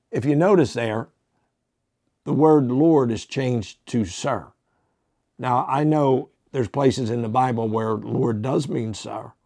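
Sounding pastor teaching from scripture. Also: male voice, mid-range voice, darkish tone, husky, no echo, clean studio sound. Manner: reads scripture aloud, then comments with fillers and self-corrections. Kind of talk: Bible teaching podcast.

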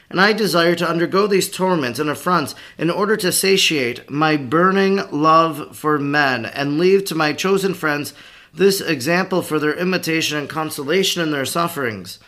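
A man's voice: fairly high pitch, normal speed, bright, forceful tone. A man reading as a meek, solemn Christ.

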